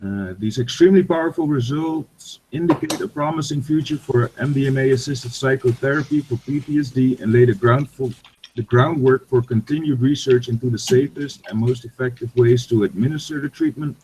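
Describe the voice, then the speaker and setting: A man's voice: mid-range voice, brisk, a little mellow, slight background noise, low-quality recording. A man hosting a casual online hangout, reading an article aloud steadily with small asides. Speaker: hangout host.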